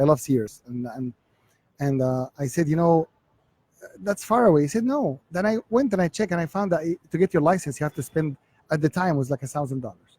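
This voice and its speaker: Halting Egyptian-accented man, dark tone. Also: a little high, slightly rough. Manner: halting, repeats words as he searches for English. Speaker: interview guest, realtor. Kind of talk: casual interview storytelling.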